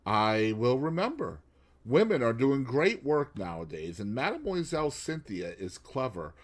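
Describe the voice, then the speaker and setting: A man's voice: mid-range voice, very animated, normal speed. A man voicing a fussy middle-aged Belgian male detective, asking precise, probing questions.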